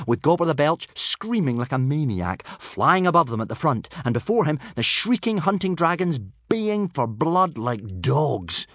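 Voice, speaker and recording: A man reading a children's story aloud in an animated storybook narration. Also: medium pitch, dry recording, studio quality. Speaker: audiobook narrator.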